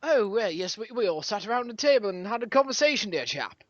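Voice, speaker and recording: A man putting on a pompous posh old gentleman. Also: high voice, expressive, fast talker, no room sound, muffled recording, pitched above the performer's own voice. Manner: plummy, old-fashioned turns of phrase.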